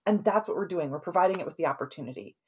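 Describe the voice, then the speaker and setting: A middle-aged woman talks through a client's story in a relaxed podcast monologue. Her voice sits a little low for a woman. She keeps checking in with the listener by ending her sentences with a quick "right?". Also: husky. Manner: conversational, often tags sentences with "right?". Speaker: podcast host and health practitioner.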